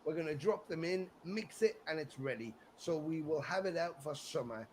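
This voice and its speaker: Animated English rock musician, middle-aged. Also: male voice, a little high, normal speed, slight background noise, rough recording. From England. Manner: animated storyteller, acts out quotes, swears freely. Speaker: musician guest. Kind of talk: casual interview chat.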